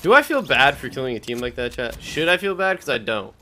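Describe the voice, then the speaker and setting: A young man streaming live gameplay, excitable and trash-talking as he taunts his opponents. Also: mid-range voice, a little fast, a little hiss or hum.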